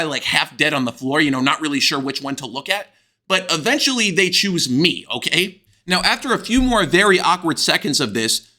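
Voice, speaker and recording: A young man from the United States telling a crude, excitable storytime with plenty of swearing. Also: sits high. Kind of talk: animated storytime vlog.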